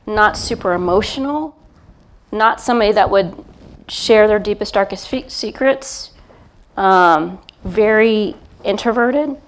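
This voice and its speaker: A middle-aged woman, a psychic medium, gives a gentle, hesitant live reading before an audience, pausing often as she feels her way. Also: mid-range voice. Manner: gentle, hesitant, feeling her way with many pauses. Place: event talk in front of a live crowd.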